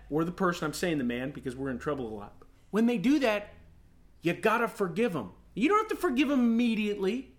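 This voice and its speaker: Male pastor, high voice, animated storytelling sermon, acts out his own rants.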